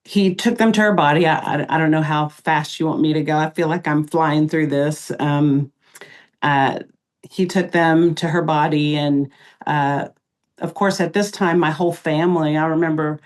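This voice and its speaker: Woman, middle-aged, low voice, flat delivery, halting speech with fillers, podcast guest interview. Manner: halting, many pauses and fillers. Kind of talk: emotional interview recounting.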